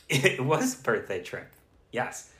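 A man's voice: medium pitch, wildly swooping pitch, slow, fairly bright tone. A man co-hosting a travel podcast in casual chat, self-deprecating and laughing often. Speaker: podcast co-host. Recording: roomy echo.

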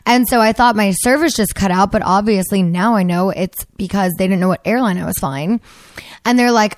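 A woman in her thirties hosting a podcast, telling stories in a casual, animated way full of fillers. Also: mid-range voice, fairly quick, dry recording. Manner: animated storytelling, lots of fillers. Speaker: podcast host. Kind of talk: casual chat with ad read.

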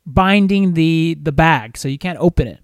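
Young man, high-pitched, casual podcast storytelling, rambling with restarts, swears a lot, dry sound. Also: normal speed, no echo. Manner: rambling, animated, swears freely, with many restarts. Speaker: podcast co-host.

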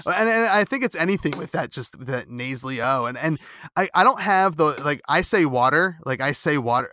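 A man's voice: a little high, lively intonation, normal speed, bright, forceful tone, a little hiss or hum. A man with a Philadelphia accent hosting a casual interview, rambling with many fillers and restarts, with a slightly nasal O. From Philadelphia area. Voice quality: nasal O vowel. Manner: rambling, many fillers and restarts, laughs while telling stories. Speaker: podcast host.

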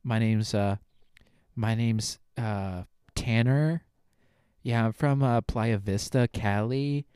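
A man voicing a laid-back young male surfer from California, drawling slowly in a stoner-ish way. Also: lowish voice, fairly even intonation, dark tone, clear, resonant tone, no room sound, clean studio sound.

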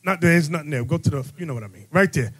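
A man, the bishop hosting a religious podcast, teaching in an excitable way and breaking into loud exclamations. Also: on the high side, quick pace, slight background noise. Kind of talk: animated teaching chat.

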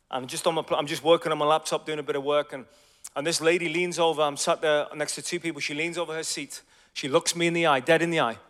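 A man, preaching a sermon as a story, dropping into hushed asides and then bursting out loudly. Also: fairly high pitch, long reverb tail. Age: 40s. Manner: animated, swings from hushed asides to loud exclamations.

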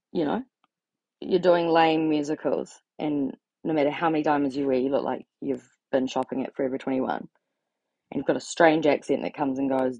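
Low gravelly woman ranting bluntly. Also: dark tone, no room sound, muffled recording. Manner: blunt, sweary, exasperated. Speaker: vlogger. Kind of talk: ranting casual monologue.

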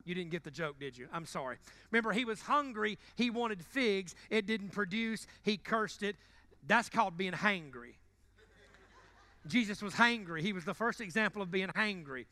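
A man preaching a sermon in a church, joking casually with the congregation and swinging between loud bursts and quiet asides. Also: high voice, lively intonation, moderate pace. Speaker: pastor. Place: church sanctuary.

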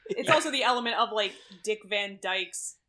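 A woman hosting a casual podcast chat, animated and opinionated, laughing often as she argues her picks. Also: mid-range voice, moderate pace, crowd noise. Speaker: podcast host running a movie bracket.

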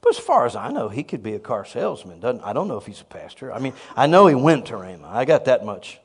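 A man's voice: mid-range voice, fast talker, breathy edge, long reverb tail. Male pastor telling a story from the pulpit, bouncy voice all over the place, pokes fun at himself. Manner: animated, self-deprecating humor. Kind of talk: storytelling sermon.

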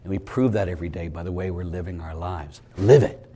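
A middle-aged man preaching as a priest, telling stories and acting out other people's voices, sometimes shouting for emphasis. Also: low-pitched, a little fast, a little hiss or hum. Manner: animated storyteller who acts out voices and shouts for emphasis. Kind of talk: lively preaching with acted dialogue.

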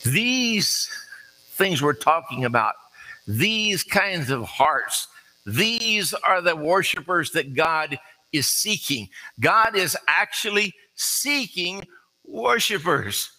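Bright-voiced man preaching a folksy sermon. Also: high voice, sing-song, slow, rough recording. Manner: earnest, conversational, with folksy asides.

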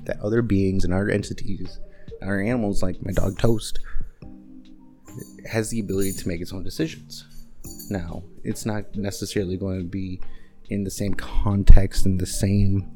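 A man with a deep, gravelly voice talks casually in a loose, rambling way, full of fillers and restarts. His tone is dark and mellow, and faint music sits under a home recording made on a handheld microphone. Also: fairly even intonation, moderate pace. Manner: talks in a high cooing baby voice to his dog. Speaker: podcast host. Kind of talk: casual monologue.

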